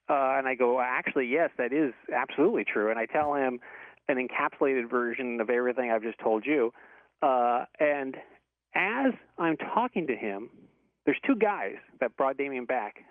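A man's voice: medium pitch, normal speed, no echo. A man who is a professor tells a long story in a casual, rambling way, full of restarts and fillers. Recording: tinny, dry phone-like sound.

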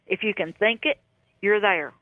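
Woman, psychic phone guest, folksy and earnest, hoarse voice, tinny phone line. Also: medium pitch, normal speed, no echo. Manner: animated storyteller, earnest and folksy. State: losing her voice. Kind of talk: phone-in radio interview.

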